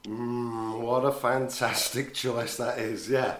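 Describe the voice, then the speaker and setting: A man's voice: medium pitch, steady tone, slow pace, a bit bright. A man hosting a live radio interview, chatty and upbeat, with many small restarts. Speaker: radio show host.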